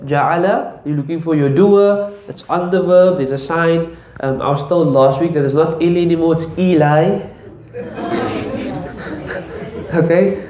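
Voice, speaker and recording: Pausing often, a man with a somewhat high voice works slowly through an Arabic grammar lesson, patiently explaining, testing the class with questions and frequently laughing softly. The audio is dull and lo-fi, with classroom echo.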